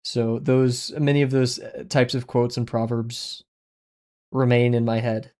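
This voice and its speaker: While drawing on a livestream, a young artist chats casually with his viewers, rambling between topics and frequently laughing. He speaks unhurriedly in an ordinary middle pitch that jumps up when he gets excited.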